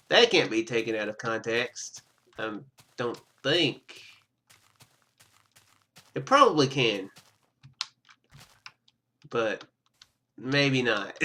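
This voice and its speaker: A man's voice: mid-range voice, bright, forceful tone. A man chatting casually over his gameplay, rambling and stammering, cutting himself off with chuckles, into a webcam microphone. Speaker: gaming YouTuber.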